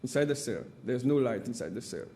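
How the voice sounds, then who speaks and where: This witness, a Seychelles native who grew up speaking Seychellois Creole, gives English testimony at a public hearing in a dark, warm, medium-pitched voice with lively intonation. He talks haltingly, filling pauses with "uh," and keeps hammering his point with "my friend."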